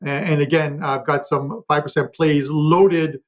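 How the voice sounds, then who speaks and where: A man on a betting panel, chatting quickly about his picks with lots of fillers and restarts. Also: on the high side, fairly even intonation, highs cut off. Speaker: sports betting handicapper. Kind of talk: casual panel talk.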